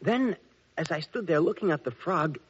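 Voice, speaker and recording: Man playing earnest young prince, lively voice, muffled old radio sound. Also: on the high side, normal speed, slight background noise, natural voice. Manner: earnest storytelling. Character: earnest young prince who found a frog. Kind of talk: 1940s radio acting.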